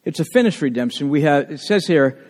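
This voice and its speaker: A man preaching a sermon, often asking the congregation questions and slowing down to stress key words. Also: on the high side, expressive, darkish tone, big-room sound. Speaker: pastor.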